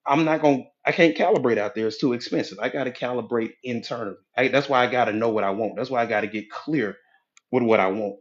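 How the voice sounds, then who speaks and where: A man coaching listeners with a preachy, folksy motivational talk in a live audio room, his pitch sitting in an ordinary middle range. He drives each point home by repeating it. The sound is dull and lo-fi. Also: quick pace. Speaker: motivational speaker, hypnotherapy coach.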